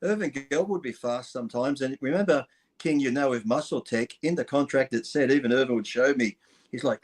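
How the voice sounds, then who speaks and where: A middle-aged man telling profane, animated stories as a guest in a casual podcast chat. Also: medium pitch, fast.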